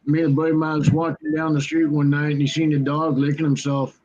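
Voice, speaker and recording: Animated storytelling man, lo-fi sound. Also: a little high, fast. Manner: animated anecdote teller. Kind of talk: casual storytelling.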